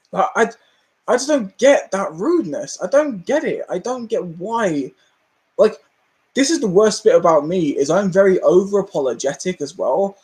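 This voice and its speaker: High-voiced British man ranting on a live stream. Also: a little mellow. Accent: British English. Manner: ranting, laughs often, acts out other people. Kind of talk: casual live-stream chat.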